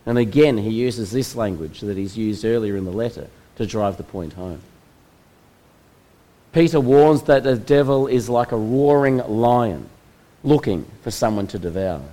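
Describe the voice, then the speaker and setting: A man preaches from the pulpit, unfolding a story at a deliberate pace. His voice sits at an ordinary middle pitch, and he leans on pauses to let each moment land. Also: mellow, rough recording. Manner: measured storytelling with slow, dramatic pauses. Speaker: pastor. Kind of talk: sermon retelling a Bible story.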